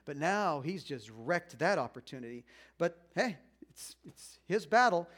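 A man's voice: on the high side, a bit bright. A man retelling a Bible story in a casual, conversational way, with many fillers and playful asides. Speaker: Bible teacher.

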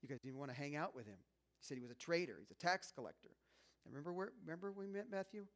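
A man's voice: on the high side, animated, very fast. A man voicing Jesus in a sermon retelling, talking to his disciples in a conversational, coaxing way and urging them over and over to remember. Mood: pleading, fond. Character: Jesus, earnest male teacher pleading with his disciples.

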